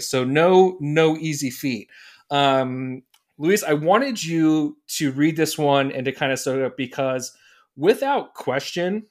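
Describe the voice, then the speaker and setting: Guy hosting a podcast, chatty and rambling, lots of ums and you knows. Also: mid-range voice. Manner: loose and rambling, many fillers. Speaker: podcast host. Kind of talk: casual chat.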